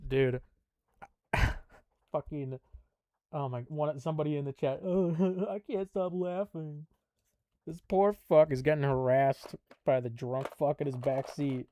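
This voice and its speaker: Man reacting to a clip, exasperated and swearing, mellow mid-pitched voice. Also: fairly even intonation, a little slow, dry recording. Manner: exasperated, profane, laughing asides. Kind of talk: reaction commentary.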